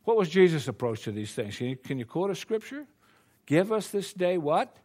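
An older American man preaches with a high voice, a darkish tone, lively intonation, and a moderate pace. The sermon feels folksy and conversational, full of rhetorical questions.

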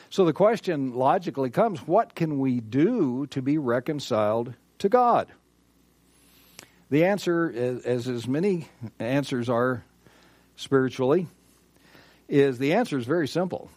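A man's voice: mid-range voice, a little mellow, no room sound. A man preaching a sermon with emphasis, repeating key phrases and asking rhetorical questions. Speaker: pastor.

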